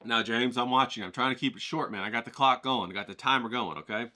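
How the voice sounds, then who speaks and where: A man teaching an art class in a motivational, coaching way, often checking in with the listener and rising with excitement. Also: fast talker. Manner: animated, rises in pitch when excited.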